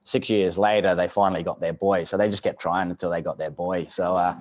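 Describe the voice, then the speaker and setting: A man's voice: sits low, steady tone, brisk, a little mellow. A man in his thirties with a South Australian accent, telling funny stories as a guest speaker to a live audience, chatty with lots of restarts. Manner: joking, chatty, with many restarts and chuckles. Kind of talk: humorous storytelling talk to a live audience. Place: studio event space.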